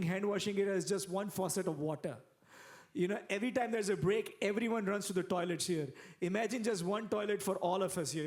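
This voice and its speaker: A man in his forties with an Indian English accent, speaking on a conference panel and telling earnest, humorous stories. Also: high-pitched. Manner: storytelling, earnest and animated with humor. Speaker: panelist, nonprofit leader.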